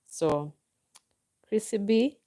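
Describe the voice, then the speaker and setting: A woman's voice: medium pitch, lively intonation, extremely slow, mellow. A Ugandan woman vlogger with a Ugandan accent, chatting unhurriedly as she answers viewer comments and gives advice. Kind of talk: live stream chat, answering viewer comments.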